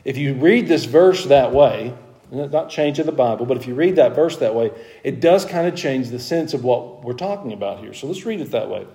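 A man's voice: medium pitch, expressive, brisk, warm tone. A man teaching a Bible study to a group in a conversational way, talking with the class and growing more emphatic as he explains the passage.

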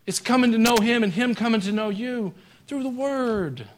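A man with a notably high voice delivers a sermon in a church, talking to the congregation like a neighbor. He punches some lines out hard, then drops to quiet, dry jokes. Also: moderate pace. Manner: conversational preaching that swings between loud emphatic lines and quiet wry asides; joking. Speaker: pastor. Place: church sanctuary.

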